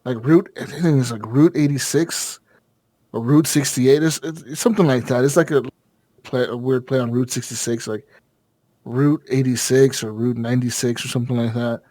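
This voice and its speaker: A man's voice: mid-range voice, fairly even intonation, moderate pace, a little mellow, no echo. A man co-hosting a gaming podcast, rambling and swearing freely as he chats casually. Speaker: podcast co-host.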